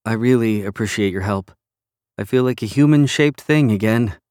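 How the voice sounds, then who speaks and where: A man voicing a tired young woman recovering from an injury, speaking softly with thanks in an audiobook. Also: fairly low pitch, moderate pace, no room sound, clean studio sound, lightly acted. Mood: grateful. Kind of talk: audiobook character reading.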